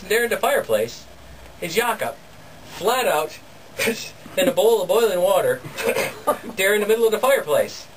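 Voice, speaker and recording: A man spins a folktale for a live bookstore crowd, chuckling and punching in sound effects. His fairly high voice swoops up and down with animation. It is picked up from far off, with plenty of room noise. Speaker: storyteller. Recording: distant camera, noisy bookstore.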